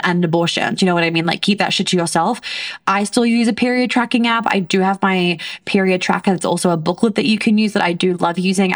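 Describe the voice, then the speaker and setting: Blunt, swearing woman podcaster. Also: on the low side. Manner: blunt, rambling, heavy swearing; frequent fillers and restarts. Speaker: podcast host. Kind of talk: casual solo podcast monologue.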